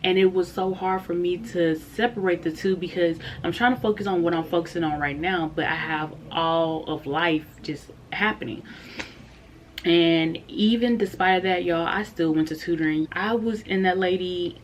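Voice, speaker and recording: A woman's voice: fairly low pitch, normal speed, slight background noise. A young adult woman telling a candid, heartfelt story in a casual vlog, chatty and full of fillers. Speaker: vlogger.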